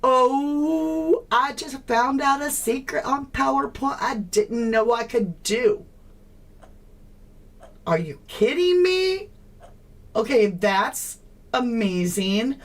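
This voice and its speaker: Woman doing a true crime livestream, kinda high voice, slow and unhurried, keeps going "what am i not seeing" and says hi to chat. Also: fairly even intonation. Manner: incredulous, puzzling aloud, greets chat viewers warmly.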